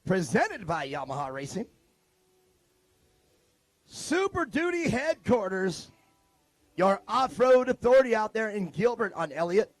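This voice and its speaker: High-voiced joking race track announcer. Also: male voice, expressive, moderate pace, few pauses, no room sound. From Modesto, California. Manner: joking, rambling banter. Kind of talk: live race commentary.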